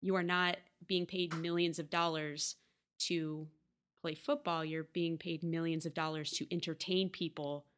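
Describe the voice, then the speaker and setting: A woman's voice: deep voice, little pitch movement, unhurried, fairly bright tone, smooth. A woman co-hosting a podcast, talking sports in an earnest, conversational way with some stammered restarts. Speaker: podcast co-host. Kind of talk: casual sports talk.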